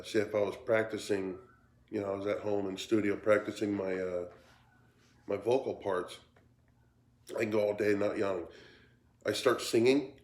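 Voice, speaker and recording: A man talking casually in a cigar review vlog, tired and yawning, with a halting way of speaking that repeats words. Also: on the low side, darkish tone. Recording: roomy echo.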